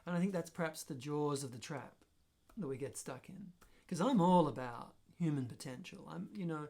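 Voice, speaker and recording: On his own channel, a personal growth vlogger talks reflectively to the camera, thinking aloud and questioning himself in a thoughtful, musing way. His voice is fairly high, animated, creaky, and darkish in tone, delivered at a moderate pace.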